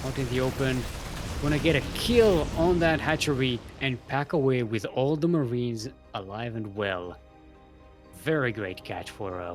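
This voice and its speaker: A man casting a live strategy game match, chatty and self-mocking with trailing fillers. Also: medium pitch. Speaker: esports caster.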